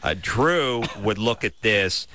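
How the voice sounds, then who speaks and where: A man's voice: on the low side, animated, slow pace, pushed and bright. A man hosting a radio show, riffing wryly and at length in casual comic banter. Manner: wry, rambling riffs.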